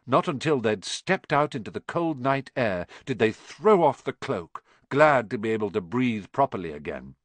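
Male audiobook narrator with a lively, varied delivery who acts out the characters; dry close recording. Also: mid-range voice, normal speed, few pauses, no echo. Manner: expressive storytelling, acting out the characters. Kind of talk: scripted narration.

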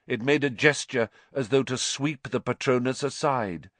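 A man narrating a story in a measured, dramatic way. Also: mid-range voice, a bit bright, dry recording. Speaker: audiobook narrator.

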